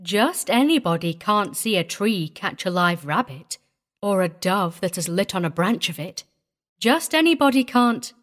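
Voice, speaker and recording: A woman's voice: a little high, sing-song, measured pace, voice pushed up. Woman doing a dry, bossy countrywoman. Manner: dry drawl, snapping at the driver. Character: dry, brisk countrywoman storyteller, bossy and cheerful.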